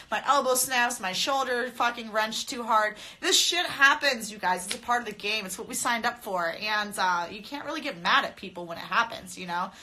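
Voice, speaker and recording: Bright-voiced woman, blunt and profane. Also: mid-range voice. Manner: blunt, profane and laughing, talks straight to viewers. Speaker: mixed martial arts fighter. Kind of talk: casual live-stream chat. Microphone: phone camera.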